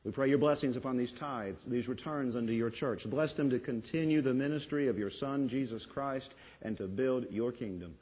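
A man leading a measured, reverent offertory prayer in a church service. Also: medium pitch, a little mellow, breathy edge, in a large hall. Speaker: worship leader. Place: church sanctuary.

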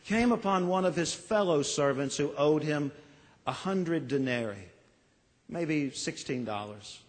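A man preaching a sermon as pastor, earnest and pleading, with dramatic pauses. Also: on the high side. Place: church sanctuary. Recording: long church reverb.

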